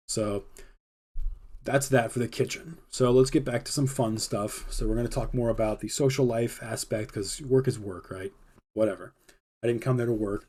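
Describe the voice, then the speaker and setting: Young guy rambling thru a story, lots of "like", mellow warm voice. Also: on the low side. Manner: rambling and laid-back, full of "like" fillers. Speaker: podcast host. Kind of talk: casual storytelling on a livestream podcast.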